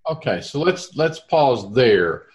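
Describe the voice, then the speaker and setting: A man's voice: mid-range voice, big pitch swings, takes it slowly. A man leading a casual Bible study discussion, reading verses aloud and thinking through their meaning.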